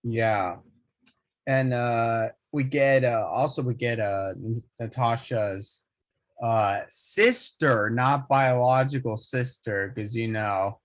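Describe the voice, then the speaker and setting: Male film reviewer, mid-range voice, halting casual delivery full of fillers. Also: medium pitch. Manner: hesitant, many restarts and fillers. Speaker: movie reviewer. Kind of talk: casual chat.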